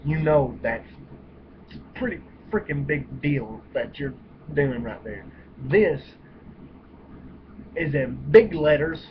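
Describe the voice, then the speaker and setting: A man's voice: a little high, slow, long pauses. A man ranting in a casual vlog, blunt and profane, rambling and cutting himself off. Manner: blunt and profane, emphatic outbursts; rambling, self-interrupting. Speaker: vlogger. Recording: dull lo-fi home recording with steady hiss.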